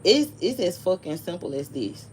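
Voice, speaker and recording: A woman's voice: lowish voice, sing-song, normal speed, a little mellow, a little hiss or hum. A woman hosting a live stream, ranting in a blunt, profane, dismissive way and telling stories with animation. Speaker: livestream host. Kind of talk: casual live-stream rant.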